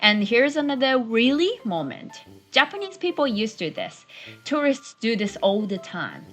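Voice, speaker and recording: A woman teaching basic travel phrases in a friendly, encouraging way. She slows right down to model each phrase, her voice rising and dropping through the examples. Soft music plays underneath. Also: a little high, sing-song. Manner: slow, deliberate modeling of phrases. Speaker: Japanese language teacher. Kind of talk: friendly travel language lesson. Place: New Zealand-based channel.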